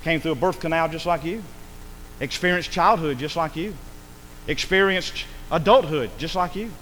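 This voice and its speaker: A man preaching a sermon, swinging between loud calls and hushed asides. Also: on the high side, normal speed, long reverb tail, slight background noise. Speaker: pastor. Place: church sanctuary.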